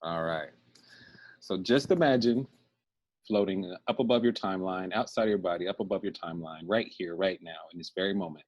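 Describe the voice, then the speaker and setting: A man hosting a talk show, guiding a guest through a calm, soothing visualization exercise. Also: low voice, a little fast, dull audio. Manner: calm, soothing, laughs often. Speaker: host guiding a fear-release exercise. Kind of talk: slow guided visualization.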